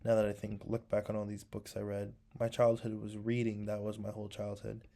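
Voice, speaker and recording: Gravelly low-voiced young man rambling. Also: completely flat delivery, fairly quick, mellow. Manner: rambling and nostalgic, full of "like" and "um". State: sore throat. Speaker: vlogger. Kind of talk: casual chat while painting.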